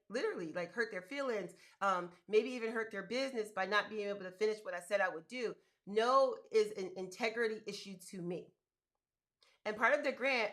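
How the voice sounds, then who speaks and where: A woman's voice: mid-range voice, fairly bright tone. Woman host, motivational live talk, emphatic and colloquial, chatty. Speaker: host giving business grant advice.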